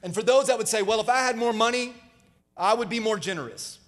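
With a very high-pitched voice and a fairly quick pace, a male pastor delivers an emphatic sermon. He calls out for the congregation's responses, and the live recording carries long hall reverb.

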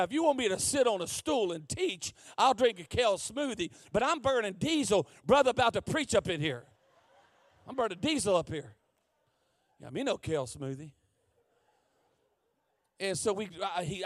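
A male preacher delivers a storytelling sermon in a high, lively voice that leaps across its range. He drops to hushed asides and then climbs to full shouts. The sound is dry and close. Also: normal speed, dry recording. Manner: animated, comic, swings from hushed asides to shouting. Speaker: guest preacher.

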